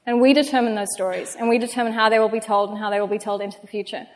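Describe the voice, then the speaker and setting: A woman's voice: fairly high pitch, fairly even intonation, racing. Chatty woman speaker in a reverberant hall. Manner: chatty, self-mocking storyteller. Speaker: speaker giving a talk. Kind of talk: public talk with anecdotes.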